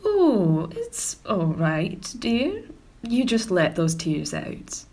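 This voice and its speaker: A woman's voice: medium pitch, lively intonation, moderate pace, husky. A woman voicing an elderly, fussy, doting Scottish lady in a comedy audio drama, with a Scottish accent. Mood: soothing. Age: older.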